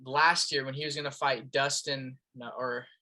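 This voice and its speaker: A man's voice: mid-range voice, steady tone, normal speed, bright, forceful tone. A young man from Las Vegas hosting a casual podcast interview, easygoing and agreeable, often chiming in with short affirmations. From Las Vegas, United States. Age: young adult. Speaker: podcast host.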